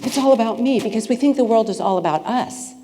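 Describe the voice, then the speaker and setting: Speaking fast in a warm, fairly high voice, a woman minister delivers a chatty, playful sermon and puts questions to her congregation. The spiritual center sanctuary makes for a reverberant hall sound, with faint music in the background.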